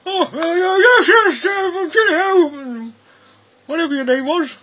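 A man voicing an excitable, goofy-toothed comic man in a shrill, squealing, giggly voice for a fan-made audio parody. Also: slow, full character voice.

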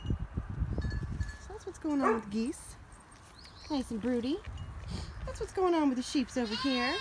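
A woman giving a casual walk-around farm vlog, chatty, switching to a high sing-song voice for her animals. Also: animated, normal speed, pauses often. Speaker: farmer vlogger. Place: outdoors on a farm. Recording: loud outdoor noise with animal sounds.

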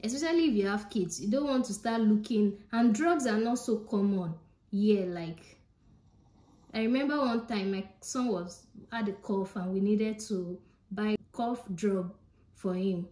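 A woman's voice: medium pitch, a little slow, mellow, roomy sound. A woman with a Nigerian accent talks casually to her viewers in a vlog. She is chatty and emphatic and repeats her points directly to the camera. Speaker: vlogger.

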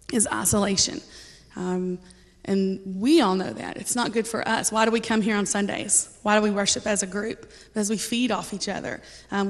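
Woman giving a testimony in a church. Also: medium pitch. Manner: casual and earnest, with frequent ums and light laughter. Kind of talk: personal testimony to a congregation. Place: church sanctuary. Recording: reverberant church hall.

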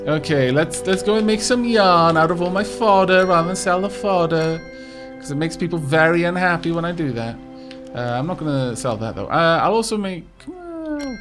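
Brief: man, let's play host, casual self-deprecating commentary, animated delivery, soft music bed. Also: fairly high pitch. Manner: chatty, self-mocking, stammers on restarts.

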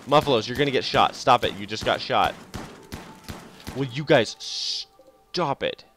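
Faint game music sits behind a man offering casual live commentary on a strategy game, frequently chuckling and muttering to himself. His mid-range voice is a bit bright and his delivery unhurried.

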